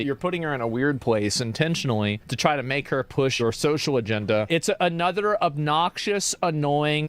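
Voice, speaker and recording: A man's voice: a little high, fairly bright tone, clean tone. A man streaming, reacting to a clip in a sarcastic, mocking way.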